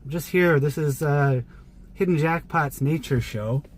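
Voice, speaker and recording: A man's voice: on the high side, measured pace. A man hosting a livestream, chatting casually from inside a car while he drives. He is chatty, laughs often and thanks viewers by name. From Canada. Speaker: livestream host. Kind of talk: casual chat while driving. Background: faint car noise.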